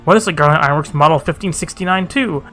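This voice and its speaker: A man's voice: on the high side, fast talker, bright, forceful tone, soft background music. A man reading a confident chatty engineer. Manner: genial, confident. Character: confident chatty male engineer, proud of his designs.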